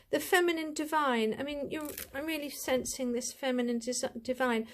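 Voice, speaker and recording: A woman's voice: high voice, moderate pace, hardly any pauses. A woman chatting to camera as she reviews a tarot deck, gushing, rambling and full of asides.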